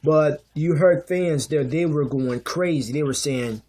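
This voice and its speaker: A young man rants off the cuff, heated and profane, tripping over restarts as he pushes his point. His voice sits a little high for a man. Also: moderate pace, hardly any pauses, mellow. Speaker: vlogger. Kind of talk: unscripted rant.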